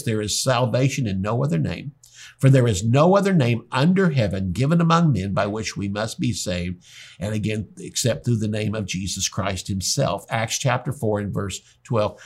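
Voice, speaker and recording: A man preaching a sermon as a pastor, telling stories with animated dialogue. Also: mid-range voice, breathy edge. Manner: animated storyteller acting out dialogue. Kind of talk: sermon with storytelling.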